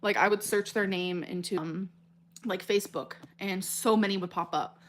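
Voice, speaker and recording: A woman's voice: medium pitch, steady tone, normal speed. A woman in her thirties chatting casually on a livestream, reading comments and rambling earnestly, often stumbling over her words. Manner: emotional and earnest.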